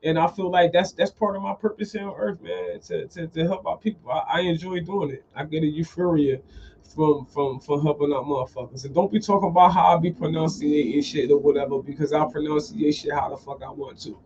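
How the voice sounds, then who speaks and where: Profane, animated man with a fairly high voice. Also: brisk, a little hiss or hum. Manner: profane, animated, repeats phrases. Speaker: podcast host. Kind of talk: casual storytelling monologue. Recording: dull lo-fi sound.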